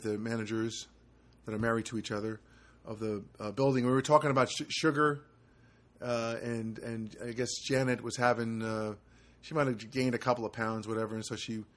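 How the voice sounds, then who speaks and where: A man's voice: mid-range voice, a bit bright. A man hosting a homemade podcast from his apartment, chatting casually and telling stories with lots of fillers and self-corrections. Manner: rambling storyteller with many fillers and self-corrections. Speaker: podcast host. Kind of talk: casual solo podcast chat. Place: home studio apartment. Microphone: homemade podcast setup.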